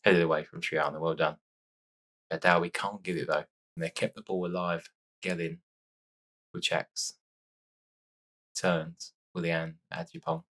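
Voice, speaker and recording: Casting note: low-voiced male let's-player, chatty and excitable, slightly stuffy from sneezing. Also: a little slow, pauses often. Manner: chatty, excitable reacting to match play. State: sore nose after sneezing fit. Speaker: gaming YouTuber. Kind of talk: casual let's-play commentary.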